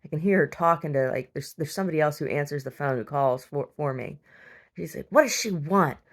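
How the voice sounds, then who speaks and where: A woman talks in a loose, chatty way, circling back and restarting her sentences as she tells a long story. Her voice sits low and carries a gravelly fry. She hosts and shares everyday stories with her listeners. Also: fairly even intonation, a little fast. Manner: chatty, heavy use of fillers and restarts. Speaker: podcast host. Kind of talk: casual rambling storytelling.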